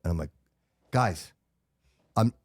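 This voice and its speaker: A man's voice: fairly low pitch, expressive, slow pace, no echo. Man in his 50s, podcast host, storyteller type, talks straight to listeners, dry close sound. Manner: storytelling, addresses listeners directly. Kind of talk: casual interview chat.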